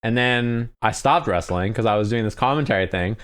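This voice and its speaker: A man's voice: fairly low pitch, brisk, fairly bright tone, smooth. A man, a fighting game commentator, talking candidly and in a laid-back way as the guest in an interview. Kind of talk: casual interview chat.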